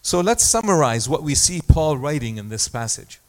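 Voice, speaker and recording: Conversational pastor preaching a sermon. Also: male voice, fairly high pitch, very animated, moderate pace. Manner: conversational preaching with self-deprecating asides.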